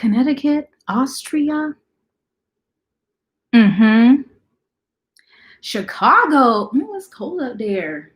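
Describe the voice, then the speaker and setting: A woman hosting a casual livestream, talking fast and chatting with viewers as she greets them. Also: sits high, very animated. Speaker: livestream host.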